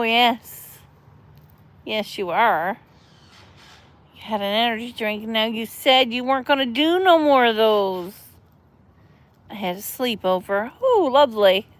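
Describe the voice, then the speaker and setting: A woman's voice: on the high side, expressive, takes it slowly, long pauses, no echo. A middle-aged woman chatting on a casual livestream, answering chat in a chatty, mothering and blunt way, with some cursing. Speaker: livestream host reading chat.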